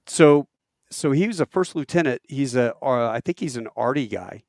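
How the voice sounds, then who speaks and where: A man, a podcast guest, telling war stories in a lively way, acting out quotes with halting restarts. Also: medium pitch, no echo, clean studio sound. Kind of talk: animated war storytelling.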